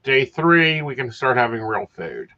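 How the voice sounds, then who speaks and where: A man's voice: mid-range voice, sing-song, unhurried, pushed and bright. A man co-hosting a podcast in casual chat, wry and chatty as he tells his stories. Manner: chatty, wry, recounting with dry humor. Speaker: podcast co-host. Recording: dull lo-fi sound.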